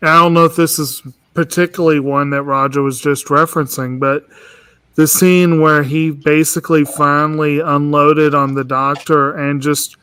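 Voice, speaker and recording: Smooth, dry-voiced man musing. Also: a little high, fairly bright tone, no room sound. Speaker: discussion panelist. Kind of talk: casual group chat.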